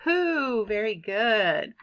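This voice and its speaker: A woman teaching a kindergarten reading lesson, sounding out words in an animated, drawn-out way. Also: on the high side, muffled recording. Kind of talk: online phonics lesson for young children.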